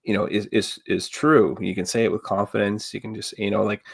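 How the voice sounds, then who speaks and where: A man talking calmly in a casual podcast conversation, giving steady, reassuring advice. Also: on the low side, brisk, vocal fry, husky, dry recording, studio quality. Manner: calm and advising, steady reassurance.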